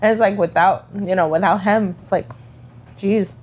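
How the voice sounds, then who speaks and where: A woman co-hosts a laid-back podcast on motherhood, chatting reflectively and earnestly with plenty of filler words. Her voice sits at a medium pitch with a steady, somewhat dark tone and a moderate pace, and there's a faint hiss or hum in the recording.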